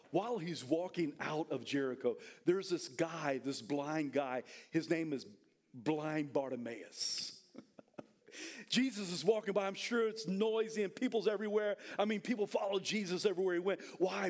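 A male pastor preaching a sermon, bursting into shouted, soaring lines and dropping back into chatty storytelling. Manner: fiery preaching that swings into shouted high bursts, then drops to storytelling; casual, chatty retelling with restarts.

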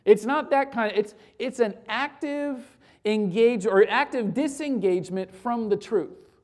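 Man, pastor, sermon, emphatic, rhetorical questions, repeated phrases, loud and hushed in turns. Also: measured pace. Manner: swings from loud urgent peaks to low quiet lines.

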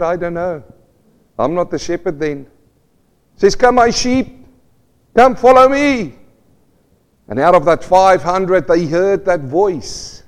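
Guy pastor preaching, fairly high voice, keeps throwing questions at the church, big hall echo. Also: darkish tone. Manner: preaching with rhetorical questions to the congregation. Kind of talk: sermon. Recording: long reverb of a church hall.

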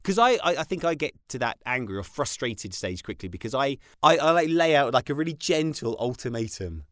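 A man's voice: medium pitch, a little fast, no room sound, studio quality. A British man co-hosting a casual podcast chat, animatedly telling stories and mimicking his kids. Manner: animated, acts out his kids' voices in storytelling. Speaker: podcast co-host. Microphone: studio mic in vocal booth.

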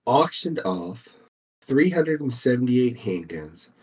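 A man's voice: mid-range voice, big pitch swings, takes it slowly, darkish tone. A man, co-hosting a casual comedy chat and relaxedly reading out odd news items. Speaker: podcast co-host.

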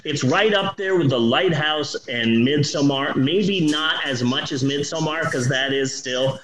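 A man's voice: fairly high pitch, a little slow, echoey room, a loud crowd, poor audio. A man in his forties casually reviewing a movie on a podcast, swearing often and talking with eager enthusiasm. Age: 40s. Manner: animated, swears a lot, enthusiastic.

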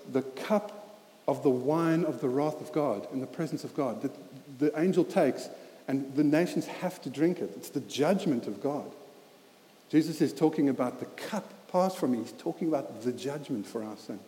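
In a church hall full of reverb, a man gives a sermon at normal speed, his slightly high, dark voice lively in intonation. He speaks earnestly and plainly in a conversational style, repeating words and often saying "you know."

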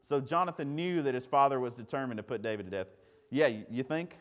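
A man's voice: mid-range voice, fast talker, a bit bright. A man preaching a sermon in a conversational way, asking rhetorical questions and often repeating words. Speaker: pastor.

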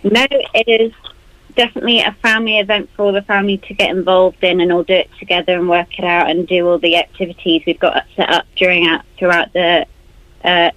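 A woman's voice: fairly low pitch, level tone, fairly quick, a bit bright, dry recording. Young female student guest on radio, earnest, slightly muffled, dry. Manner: earnest, explaining with fillers. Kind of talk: radio interview.

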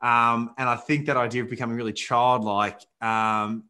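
A man hosting a casual podcast muses reflectively, pausing on frequent "um"s as he thinks aloud. His voice is bright and forward, sitting at an ordinary pitch. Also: little pitch movement. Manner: reflective, thoughtful, filler-heavy.

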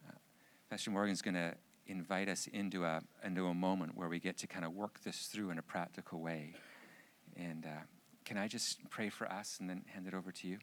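Earnest lower-voiced male preacher. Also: steady tone, brisk. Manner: earnest, repeats key phrases for emphasis; grows loud and fervent in prayer. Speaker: pastor speaking at a men's gathering. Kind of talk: sermon with closing prayer.

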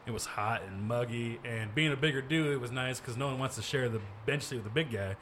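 A man's voice: medium pitch, fairly quick, a bit bright, a little hiss or hum. A young man telling stories in a casual podcast chat, rambling and laughing often as he swears in passing. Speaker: podcast co-host.

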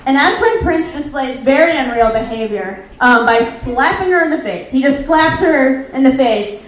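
A woman's voice: high-pitched, expressive, moderate pace. A woman doing live stand-up, recapping a movie over slides with sarcastic, profane asides. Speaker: comedian presenting slides. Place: live comedy venue. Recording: very echoey live room.

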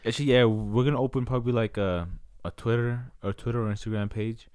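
A man's voice: mid-range voice, fairly even intonation, quick pace, a little mellow, smooth, dry recording, studio quality. A man co-hosting a casual podcast, laid-back and slangy, who signs the episode off. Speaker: podcast co-host.

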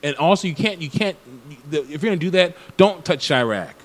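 A man's voice: a little high, animated, a little fast. A man co-hosting a casual podcast chat about movies, rambling and restarting his sentences, with the odd curse word. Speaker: podcast co-host.

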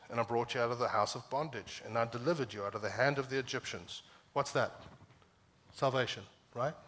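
A pastor preaches passionately in church, rising to emphatic peaks, then dropping low and quiet to quote scripture.

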